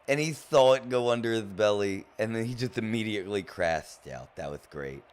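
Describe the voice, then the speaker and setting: A man's voice: on the low side, animated, moderate pace, clean tone. A man casually commentating his own gameplay on a live stream, playfully teasing his chat. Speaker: gaming streamer.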